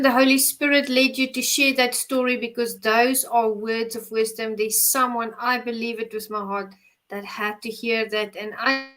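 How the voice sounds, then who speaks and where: A woman hosts an interview and answers her guest with affirming remarks and frequent exclamations. Her voice sits a little higher than usual for a woman. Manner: warm, affirming responses, often exclaiming wow and yeah. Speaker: host.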